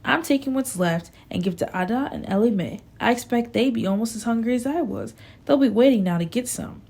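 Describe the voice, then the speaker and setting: A woman's voice: a little high, animated, a little fast, darkish tone, breathy edge, voice pushed up. A woman voicing a poor, pious and sly old backwoods farmer who talks in a preachy, self-righteous way. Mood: stubborn.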